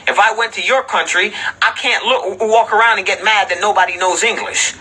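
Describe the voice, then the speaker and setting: A man rants into his livestream mic, combative and profane, hammering his listeners with rhetorical questions. His voice sits high for a man and sounds husky, with a piercingly bright, cutting edge. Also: rough recording. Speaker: livestream host. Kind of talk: ranting livestream commentary.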